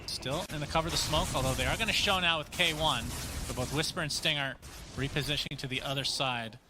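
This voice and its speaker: A man doing live play-by-play commentary on an esports match, speeding up and rising with excitement on the big plays. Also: fairly high pitch, fast, background noise.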